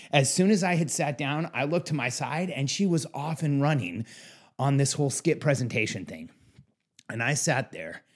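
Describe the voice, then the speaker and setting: A man who works as a business coach, telling a work anecdote in a casual, candid way. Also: medium pitch. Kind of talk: storytelling monologue.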